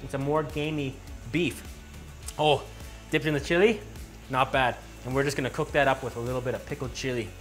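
Male travel food host, excitable and effusive, mid-pitched voice. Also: fairly quick, soft background music. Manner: exclamatory, gushing over food; mixes English with simple Mandarin. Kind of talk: enthusiastic food vlog with voice-over narration.

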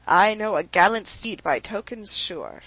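A hearty, effusive nobleman, sociable and teasing, as a woman reads him in an audiobook. The voice sits at a middling pitch and sounds dry and close, with no room around it. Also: sing-song, measured pace, a bit bright, slightly rough, no room sound, heavily acted, rough recording. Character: genial sociable nobleman, adult man. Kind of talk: audiobook character reading.

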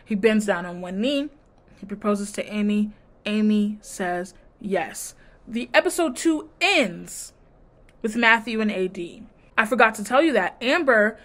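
A woman's voice: mid-range voice, a bit bright. Sassy woman recapping a reality show. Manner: sassy, blunt, mimics cast members' lines. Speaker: TV review vlogger.

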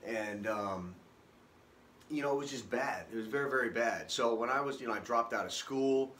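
A man telling his own life story unscripted, halting and emotional, with many restarts. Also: medium pitch, a bit bright, a little hiss or hum. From Boston area, US. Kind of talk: personal testimony, unscripted.

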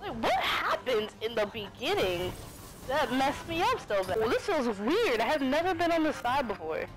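A young woman giving excited gameplay commentary, often exclaiming and laughing as she plays. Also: high-pitched, normal speed, over music, rough recording. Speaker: gaming video creator.

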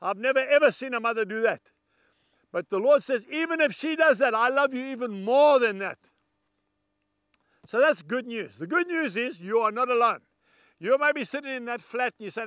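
A man's voice: very high voice, lively intonation, moderate pace, pushed and bright, clear, resonant tone, dry recording. A man preaching a televised sermon in an emphatic, folksy manner, repeating key phrases and speaking straight to the viewers. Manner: addresses viewers directly with asides.

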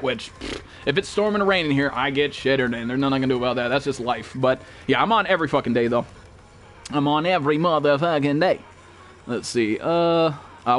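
A man's voice: a little high, a bit bright. A young man streaming a game live, greeting viewers and joking in loose, profane, rambling talk. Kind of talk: live gameplay stream chat.

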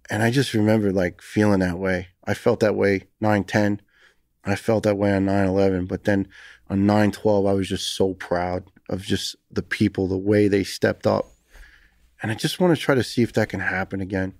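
A man in his fifties with a New York accent tells his stories earnestly and with emphasis. His voice sits low and gravelly, and the recording is close and dry. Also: flat delivery, brisk, darkish tone, no room sound. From United States. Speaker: retired firefighter guest. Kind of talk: podcast interview.

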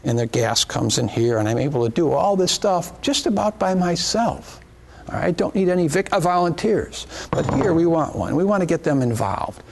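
Man, middle-aged, gravelly, slightly high voice, joking classroom chemistry demonstration. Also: sing-song, normal speed, a little hiss or hum. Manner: joking, gives instructions to helpers. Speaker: chemistry teacher. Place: classroom or lecture hall.

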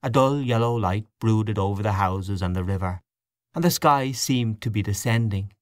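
A man reading a literary short story aloud as an audiobook narrator, in a measured, expressive way. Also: lowish voice, smooth, dry recording, clean studio sound.

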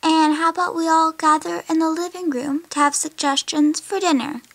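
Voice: extremely high pitch, steady tone, normal speed, a bit bright. A child voicing a caring but stern mother in a homemade toy play, who scolds sharply when upset. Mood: calm, fussy. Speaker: voicing toy figures in a home video.

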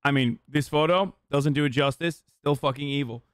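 A man's voice: on the high side, normal speed, fairly bright tone, clean tone, no echo. A man hosting a stream, reacting to a video in casual chat, joking bluntly and crudely. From United States.

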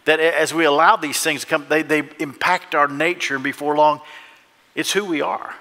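A man's voice: on the high side, fairly even intonation, normal speed, sharp tone. A male pastor preaching a fervent sermon in a church and often asking the congregation questions. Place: church sanctuary. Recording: echoey church hall.

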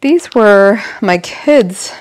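A woman's voice: mid-range voice, animated, drawn-out words, darkish tone. A middle-aged woman chatting casually at home while she decorates, laughing often and telling little stories. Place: home, indoors.

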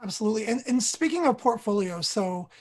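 A talkative host chatting over a video call in a relaxed, conversational manner. The host picks up on the guest's points before moving on to the next question. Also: mid-range voice, a little fast. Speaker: host of a weekly live Q&A show. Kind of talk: casual interview questions.

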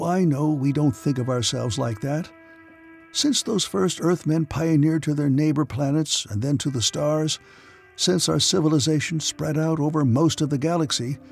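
A man's voice: fairly high pitch, vocal fry, a little mellow, voice pushed up. A man voicing a sober, thoughtful male psychotherapist from another star.

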